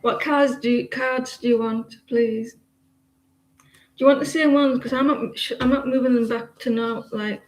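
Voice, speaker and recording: A woman's voice: on the high side, fairly even intonation, measured pace, a little mellow, reverberant, rough recording. A woman giving casual, teasing tarot readings on a live stream, chatting to viewers and laughing often.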